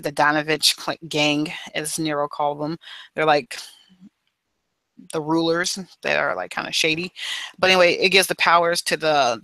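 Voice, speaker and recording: Bright, loose-talking podcast co-host man. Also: on the high side, no room sound, low-quality recording. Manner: rambling and loose, with many fillers and casual paraphrase. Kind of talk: casual book review chat.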